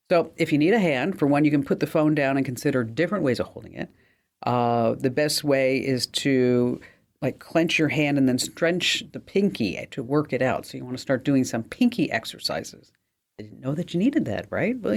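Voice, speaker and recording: A woman hosting a tech call-in radio show, animated and jokey, with a slight New Jersey accent. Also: normal speed. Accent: semi-New Jersey. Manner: animated, jokey, big pitch swings. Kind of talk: lively call-in radio chat.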